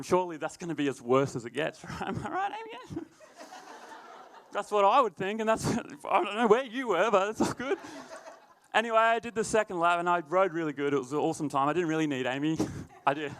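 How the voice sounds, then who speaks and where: A man's voice: sits high, a little fast, fairly bright tone. A young man, a youth leader telling a chatty, laughing story before a sermon. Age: young adult. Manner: laid-back, laughing often, chatty filler words.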